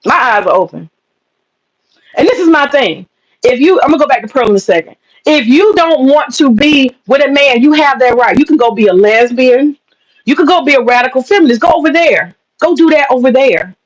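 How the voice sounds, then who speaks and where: A woman's voice: high-pitched, lively intonation, a little fast, rough recording. A woman hosting a ranting opinion commentary, blunt and profane, firing rhetorical questions. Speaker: commentary channel host.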